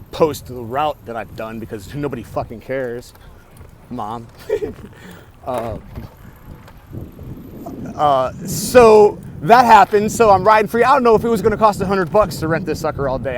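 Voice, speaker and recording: A man telling a rambling, profane story to his camera during a bike ride in the city, full of restarts and self-talk. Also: a little high. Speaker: vlogger. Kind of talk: casual storytelling vlog. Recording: outdoor city noise behind.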